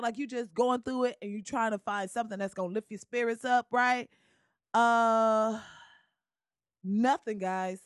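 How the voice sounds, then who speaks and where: A woman's voice: medium pitch, a little slow, dry recording, clean studio sound. A woman hosting her own podcast, talking casually and animatedly at home, often laughing and slipping into bits of song. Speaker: podcast host. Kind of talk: casual solo podcast monologue. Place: room at home. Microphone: podcast mic at home.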